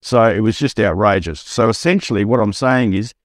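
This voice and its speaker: A middle-aged Australian man, a buyer's agent, telling an animated anecdote on a podcast and acting out the quotes. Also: fairly quick, dry recording, studio quality. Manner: storytelling, acts out quotes with rising pitch.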